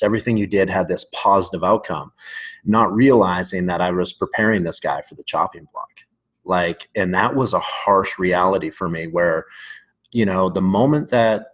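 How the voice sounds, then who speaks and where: A man with a slightly low, husky voice talks things through in a thoughtful, explaining way. He hosts a casual podcast chat as a coach. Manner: reflective, explanatory. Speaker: strength coach, podcast host.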